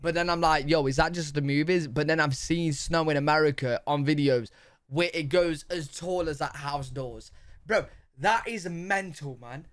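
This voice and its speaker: A man hosting a reaction video, talking in slangy, excitable, rambling casual commentary. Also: fairly high pitch, a little slow. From United Kingdom.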